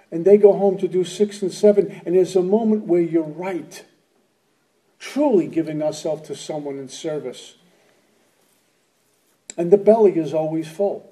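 A man's voice: high-pitched, warm tone, distant mic. A middle-aged man giving an earnest, plainspoken personal testimony as a speaker at a recovery meeting.

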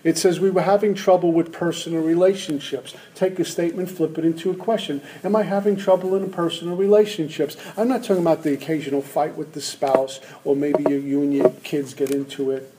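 A man's voice: on the high side, fairly even intonation, brisk, hardly any pauses, warm tone, slight background noise, rough recording. A man speaking at a recovery meeting to a live audience, humorous and acting out the voices in his head. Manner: humorous, acts out inner voices. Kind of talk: personal talk to a live audience.

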